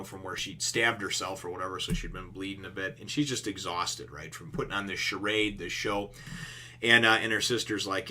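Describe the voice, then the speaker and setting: A man's voice: fairly low pitch, sharp tone. A man casually recapping a comic chapter, rambling and filling his talk with "you know". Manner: rambling, filler-heavy, with many "you know"s. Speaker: manga reviewer.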